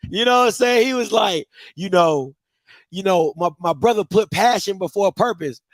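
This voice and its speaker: A man hosting a call-in show, commenting loudly and laughing, often acting out other people's voices. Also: sits high, expressive, moderate pace, dry recording. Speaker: show host.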